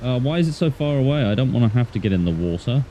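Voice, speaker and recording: A man's voice: medium pitch, lively intonation, fast, warm tone, a little hiss or hum. A man streaming a game with casual, playful, self-mocking chat in a put-on Australian accent. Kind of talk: casual gameplay commentary.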